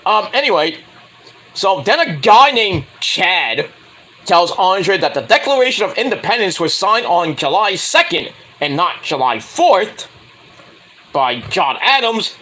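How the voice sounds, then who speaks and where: A man's voice: high-pitched, big pitch swings, measured pace. A man casually reviewing a wrestling show on his own, rambling with crude asides. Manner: rambling, crude asides, jumps into loud impressions.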